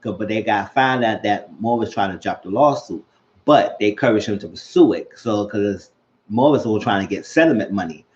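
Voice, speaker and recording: Animated man recapping a TV episode. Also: fairly low pitch, normal speed. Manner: animated, retells scenes, acts out quotes. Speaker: show recap host. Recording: dull lo-fi sound.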